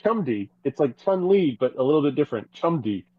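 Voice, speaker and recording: A podcast co-host in casual gossip chat, telling stories in an animated, profane way. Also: mid-range voice, fairly quick, slightly rough, no room sound, narrow, tinny audio. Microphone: podcast microphone.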